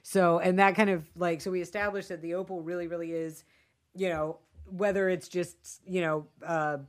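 A woman in casual conversation, retelling movie scenes with quick quoted asides. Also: on the low side, little pitch movement. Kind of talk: casual film discussion.

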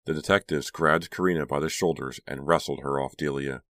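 Very deep-voiced male audiobook narrator. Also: brisk, a bit bright, dry recording. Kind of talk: scripted narration.

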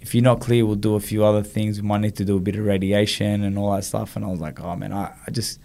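A man's voice: fairly low pitch, flat delivery, fast talker, creaky, mellow. A man, telling a personal story in an interview and acting out the quoted dialogue. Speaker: guest, former boxer.

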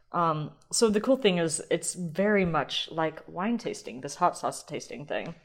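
A young adult woman hosting a solo podcast, chatting casually and rambling as she thinks out loud, with the odd swear word. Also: sits low. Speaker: podcast host.

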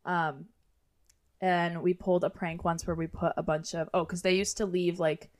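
A young woman co-hosting a podcast, talking in a relaxed, easygoing way full of "um" and "like". Her voice sits a little low for a woman. She laughs easily as she tells her stories. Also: moderate pace. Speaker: podcast co-host. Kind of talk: casual chat.

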